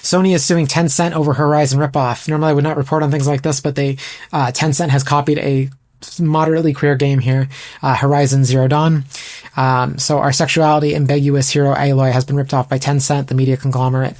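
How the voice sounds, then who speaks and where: Brisk-talking podcast host man. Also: medium pitch, flat delivery, darkish tone. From Canada. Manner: brisk, reads quotes aloud with asides. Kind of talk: casual podcast chat.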